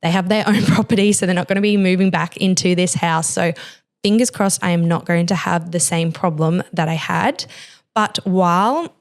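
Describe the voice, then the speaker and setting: Young woman, lowish voice, confessional podcast talk, lots of fillers. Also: fairly even intonation, normal speed. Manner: emotional, confessional, heavy use of "like". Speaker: podcast host. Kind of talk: candid personal podcast talk.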